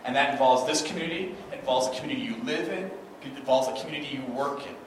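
Speaking very fast at a medium pitch, a pastor delivers a conversational sermon from the pulpit, repeatedly asking his congregation "right?" He is miked from a distance and sounds far away. His voice echoes around a very reverberant hall above clear room noise.

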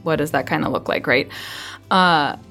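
A woman with a somewhat low voice explains child behavior as a parenting podcast guest. She speaks conversationally and often eases into a quiet, soothing register. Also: normal speed, faint music behind. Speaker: early childhood mental health specialist. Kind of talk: podcast interview, advice.

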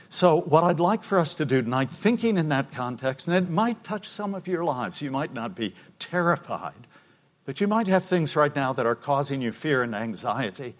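An older man preaching a sermon, retelling a scene with quiet intensity and dropping to a hush at key moments. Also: fairly high pitch, very animated, moderate pace. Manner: storytelling, voicing the disciples with quiet intensity.

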